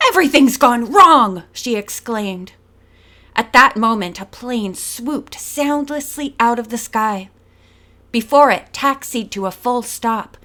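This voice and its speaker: A woman reads an audiobook mystery aloud in a higher voice. She takes a slow, deliberate pace, with dramatic storytelling. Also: a bit bright. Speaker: audiobook narrator. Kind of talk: scripted narration.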